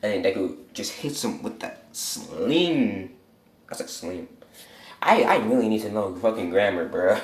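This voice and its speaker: A man's voice: on the low side, animated, a little slow. A man casually retelling a fan story, rambling and swearing as he goes. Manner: rambling, leans on "basically" and swearing. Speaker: channel host. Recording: roomy echo.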